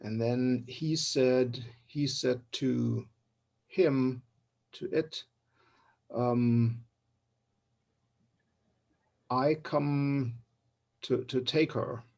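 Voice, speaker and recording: A man's voice: mid-range voice, steady tone, extremely slow, vocal fry, long pauses, a little mellow. A man reading a story aloud in a language class and translating it, searching for words with frequent ums. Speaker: student reader.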